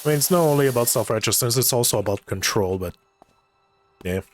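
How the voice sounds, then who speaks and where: A man's voice: medium pitch, animated, brisk, faint music behind, poor audio. A man, ranting on a casual livestream with lots of swearing and fillers. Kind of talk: casual chat while gaming.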